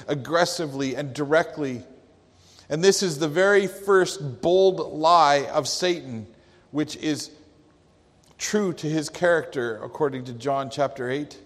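A male pastor preaching a sermon with emphatic delivery, quoting scripture. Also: a little high. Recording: long hall reverb.

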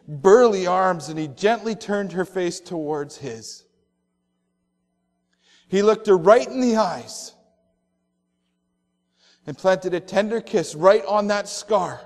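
A male pastor preaching a sermon, telling stories and slowing down on emphatic phrases. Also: high-pitched, in a large hall, faint music behind.

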